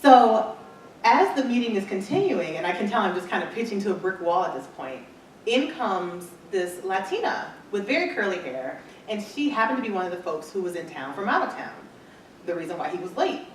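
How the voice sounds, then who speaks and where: A woman's voice: medium pitch, sing-song, a little fast. A woman speaker telling her business story to an audience, acting out quoted dialogue as she goes. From Michigan, USA. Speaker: entrepreneur speaker. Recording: echoey hall, far from mic, faint noise.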